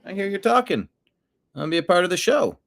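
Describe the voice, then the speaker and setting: A man voicing his pet male cat as a cheeky attention-seeker, in a playful high put-on voice. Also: very animated, a little fast, vocal fry, fairly bright tone, full character voice.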